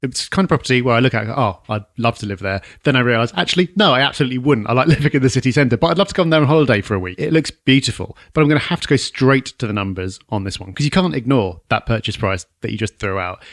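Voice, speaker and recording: A man's voice: medium pitch, lively intonation, a bit bright, dry recording, clean studio sound. A man from southern England co-hosting a property podcast, decisively running through the numbers. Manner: brisk and decisive, runs the numbers. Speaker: podcast co-host. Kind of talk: casual podcast discussion.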